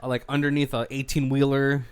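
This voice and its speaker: A man's voice: medium pitch, level tone, brisk, smooth. A man co-hosting a movie commentary podcast in casual chat, rambling with lots of fillers and frequent laughter. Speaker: podcast co-host. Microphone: studio mic.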